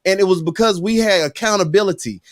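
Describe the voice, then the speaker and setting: Emphatic high-voiced man. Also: quick pace, dry recording, clean studio sound. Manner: emphatic storyteller, preachy. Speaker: podcast co-host. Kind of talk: casual chat.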